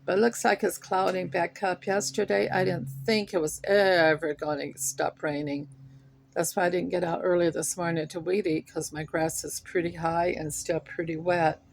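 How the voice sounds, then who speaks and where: Older woman, out of breath, low gravelly voice, slow rambling chat. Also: flat delivery, a little hiss or hum. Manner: rambling, chatty. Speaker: vlogger. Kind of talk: casual chat. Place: outdoors at her home.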